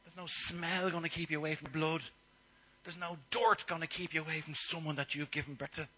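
A man preaching a sermon, telling the story with animated shifts from loud to near-whispered asides. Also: on the high side, a little fast, husky, low-quality recording.

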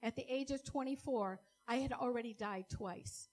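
A woman's voice: fairly high pitch, moderate pace, a little mellow, a little hiss or hum, poor audio. Earnest woman giving church testimony. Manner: earnest, emotional storytelling with direct questions to the congregation. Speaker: testimony speaker.

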